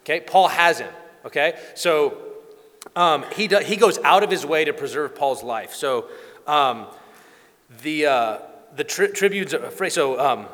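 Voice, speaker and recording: A man preaching a sermon, telling the story with animated asides and acted-out voices. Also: fairly high pitch, a little slow. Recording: long hall reverb.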